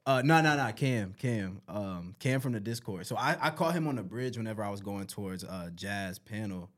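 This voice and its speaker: A man co-hosts a relaxed podcast chat, drifting through stories in easygoing slang. His voice sits fairly low. He livens up when he acts out what other people said. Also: moderate pace. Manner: laid-back slangy storytelling, animated when acting out quotes. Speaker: podcast co-host.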